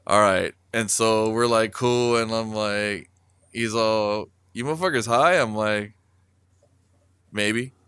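A man's voice: lowish voice, flat delivery, slow, long pauses, fairly bright tone, a little hiss or hum. A man from California telling a rambling, profane story in casual chat, full of fillers. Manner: rambling, many fillers and swearing, laughs through the telling.

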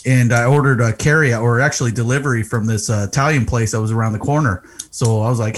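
A man's voice: medium pitch, brisk. A man, a husband and father, telling stories in a laid-back, joking way in a casual podcast chat. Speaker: podcast co-host.

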